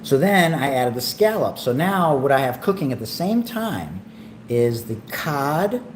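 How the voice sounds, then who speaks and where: A man hosting a casual cooking and eating livestream at home, talking in a relaxed, rambling way and getting excited about the food. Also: mid-range voice, measured pace, a little hiss or hum. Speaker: livestream host. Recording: echoey room with faint ambience.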